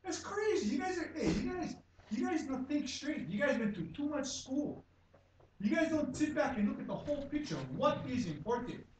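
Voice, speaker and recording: A man's voice: extremely high pitch, very animated, normal speed. A man in his fifties from Hawaii, speaking English with a Hawaii Pidgin accent, giving blunt, angry, repetitive testimony with swearing at a public hearing. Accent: Hawaii Pidgin-tinged English. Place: conference room. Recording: echoey room from far off, faint noise.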